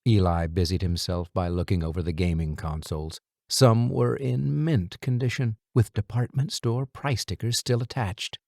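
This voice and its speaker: A man narrating an audiobook in a lively, expressive storytelling manner on a close studio mic. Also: lowish voice, moderate pace, vocal fry, few pauses, no echo. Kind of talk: scripted narration.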